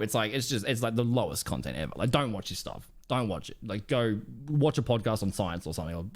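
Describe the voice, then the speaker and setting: A young Australian man reacts to clips on his stream, his pitch bouncing up and down with animated energy. He rambles, swears freely and talks in a relaxed, chatty way. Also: fast talker, hardly any pauses. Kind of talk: casual reaction commentary.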